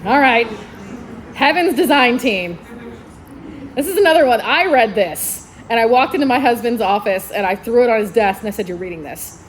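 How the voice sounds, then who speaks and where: Woman librarian raving about books at a con panel, kinda high voice, laughs a lot, faint hiss. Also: expressive, quick pace, hardly any pauses. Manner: gushing, enthusiastic, laughs often. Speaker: librarian presenting book picks. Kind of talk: convention panel talk. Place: convention panel room.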